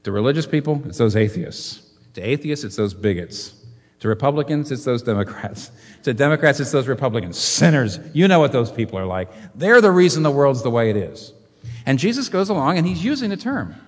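Male preacher, lively, echoing hall. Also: mid-range voice, brisk, slightly rough. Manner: animated preaching with rhetorical questions. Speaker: pastor. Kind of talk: sermon.

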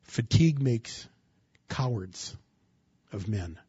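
A man preaching a sermon, asking the congregation rhetorical questions and rising into loud bursts of emphasis. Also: lowish voice, expressive, slow pace, slightly rough, dry recording, highs cut off. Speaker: pastor.

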